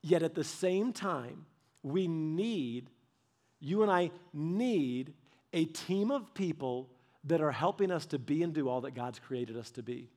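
A man's voice: a little high, expressive, a little slow, darkish tone. A man giving a sermon as a pastor, chatty and full of personal stories, often speaking straight to his listeners. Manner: conversational, anecdotal, speaks straight to the audience.

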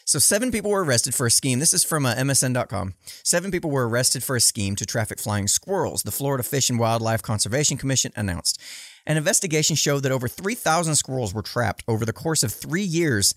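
A man's voice: medium pitch, lively intonation, fast talker, a bit bright, no echo, studio quality. A man hosting a livestream, reacting bluntly and with profanity to debate clips in casual commentary. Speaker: livestream host.

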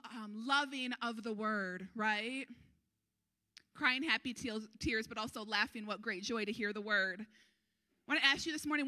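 Bright-voiced woman pastor preaching. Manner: animated, acts out crowd voices with sudden high pitch; earnest, exhorting the congregation. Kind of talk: sermon.

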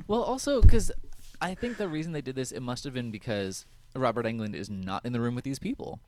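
A man co-hosts a podcast in a loose, joking chat about an episode. He slips into sarcastic asides and laughs easily. His voice sits mid-pitch and sounds dry, with no room echo. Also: lively intonation, fairly quick, darkish tone. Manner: joking, sarcastic, laughs often, acts out quotes. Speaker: podcast co-host. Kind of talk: casual recap chat.

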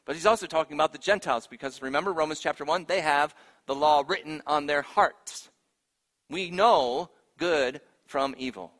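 A man preaching a sermon, swinging from hushed, grave lines to loud, emphatic ones. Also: a little high, moderate pace, big-room sound. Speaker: pastor.

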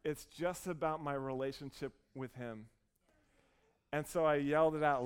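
A man in his thirties preaching a sermon, earnest and warm as he tells a story, with frequent restarts. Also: on the high side, fairly even intonation, normal speed, smooth. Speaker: pastor.

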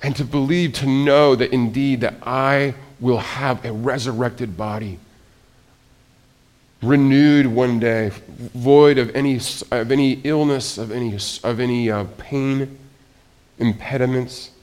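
Speaking a little slowly in a mid-range voice, a middle-aged pastor preaches a sermon. He frequently restarts his phrases, moving between soft, almost whispered asides and loud, excited exclamations.

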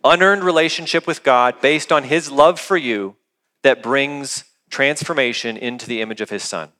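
A man's voice: mid-range voice, moderate pace, pushed and bright. A young adult man preaching a sermon as a pastor, earnest and conversational, often asking the congregation questions. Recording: long hall reverb.

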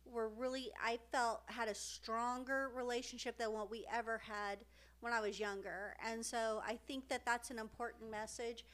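A woman's voice: on the high side, flat delivery, normal speed, fairly bright tone. A middle-aged woman co-hosting a podcast, talking in an earnest, rambling, emotional way about family and friendship. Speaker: podcast co-host. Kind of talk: casual heartfelt podcast chat.

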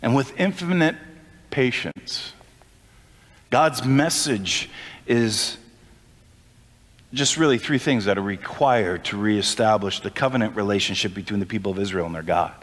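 A man preaching a sermon as pastor, impassioned and climbing in pitch when he stresses a point. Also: quick pace, hardly any pauses, big-room sound. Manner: impassioned, rising pitch on emphasis.

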